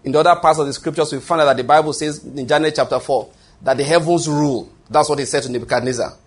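A man's voice: a little high, steady tone, fast, slightly rough. A male pastor preaching a sermon, emphatic and repetitive, often restarting phrases and asking his listeners if they follow. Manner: repetitive, emphatic, with frequent restarts and rhetorical questions.

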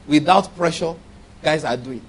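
A man preaching a sermon as a pastor, animated, with laughing asides and acted-out quotes. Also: a little high, unhurried, a little hiss or hum, rough recording.

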